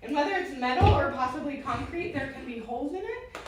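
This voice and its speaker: Casting: woman skating instructor on a live stream, lively, high voice, very echoey far-off room. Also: quick pace. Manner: chatty, giggly, talks to her dog in a high coaxing voice. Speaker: roller skate instructor. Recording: very echoey, far from the mic, faint noise.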